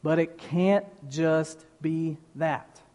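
A man preaching a sermon as pastor, slow and emphatic, leaning on repeated phrases. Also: on the high side, fairly even intonation, dark tone. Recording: long reverb of a large hall.

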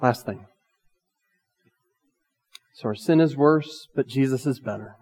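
A pastor delivering a sermon, reading scripture slowly and shifting between loud emphatic lines and hushed asides. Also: male voice, medium pitch, breathy edge. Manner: reads scripture aloud slowly and earnestly. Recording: long reverb of a large hall.

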